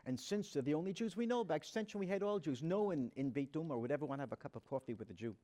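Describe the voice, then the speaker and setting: Male speaker, slightly high register, earnest storyteller at a talk, dramatizes the dialogue he quotes. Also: animated, racing, dark tone. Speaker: rabbi giving a talk. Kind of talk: personal storytelling to an audience.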